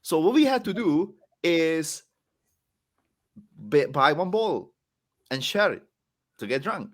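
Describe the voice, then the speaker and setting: A young man from the Czech Republic with a Czech accent, chatting casually as a podcast guest and laughing often. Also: takes it slowly. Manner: animated, laughs often, swings between excited and low. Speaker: guest wrestler.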